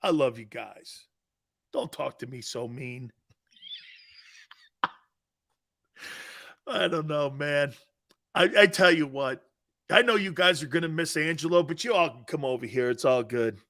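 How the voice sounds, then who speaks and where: A man's voice: a little high, slow, pauses often, fairly bright tone. Joking, laugh-prone male sports talk host. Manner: joking, laughs often, trails off and restarts. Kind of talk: casual sports talk show banter.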